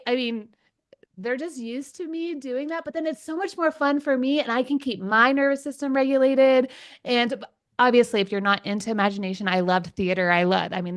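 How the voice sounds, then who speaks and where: A woman in her forties, a parenting coach and podcast host, talking enthusiastically in an interview and laughing often. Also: a little high. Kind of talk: conversational interview.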